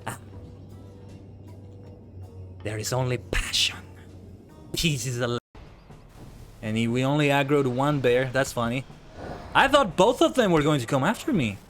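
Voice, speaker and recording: Man, gaming streamer, playful chatter, lively swooping pitch, faint music behind. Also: moderate pace, long pauses. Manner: playful, laughs often, punning. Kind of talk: casual gaming commentary.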